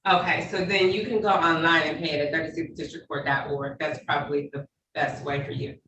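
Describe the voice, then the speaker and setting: A woman judge running court proceedings over a video call, speaking in a measured, polite, procedural way. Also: deep voice, fairly even intonation, fairly bright tone. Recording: echoey, distant, faint noise.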